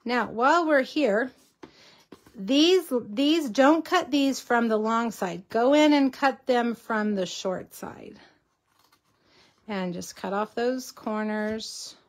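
A woman's voice: fairly high pitch, takes it slowly. Chatty woman hosting a craft livestream. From Texas. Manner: chatty, chats with viewers while crafting. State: slight cough. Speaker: host. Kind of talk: casual craft tutorial livestream.

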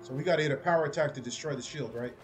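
A man doing casual, excitable gameplay commentary as a streamer, chatty and cursing at enemies. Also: fairly high pitch, racing, over music. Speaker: gaming streamer.

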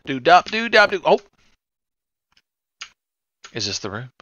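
Slightly high and very animated, the man's voice takes its time and has a sharp tone with no echo. He's a let's play host offering sarcastic, crude, joking commentary on a retro horror game, played for comedy. The lo-fi mic is a touch dull and hisses faintly.

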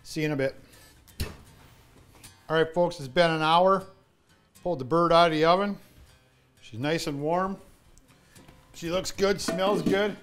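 Man, chatty home cook, slightly high voice, home kitchen, faint music behind. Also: a little slow, long pauses, a bit bright. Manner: chatty, keeps addressing folks. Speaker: home cook in sponsor segment. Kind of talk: casual talk to camera.

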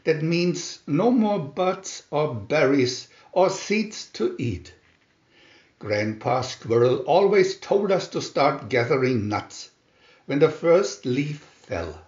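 A man's voice: on the high side, expressive, slow pace, a little mellow. A man voicing a playful young gray squirrel who muses to himself. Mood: thoughtful. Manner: musing to himself. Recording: roomy, dull lo-fi home recording.

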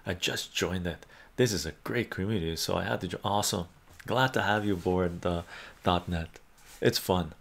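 A man hosts a relaxed livestream, reading viewers' chat messages aloud and answering them with plenty of fillers. His voice sits low and carries a husky, gravelly texture. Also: moderate pace. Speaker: livestream host. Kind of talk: casual chat about movies.

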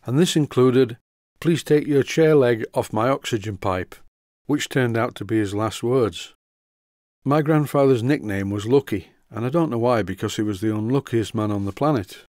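An older man narrating a model workshop tutorial in a dry, deadpan manner. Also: lowish voice, no echo. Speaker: model engineering video host.

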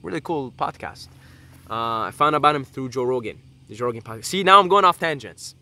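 A man's voice: mid-range voice, lively intonation, a little fast, sharp tone, no room sound. A young man talking to his camera in a casual vlog, earnest and rambling, swearing freely and drifting off on tangents. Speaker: YouTuber.

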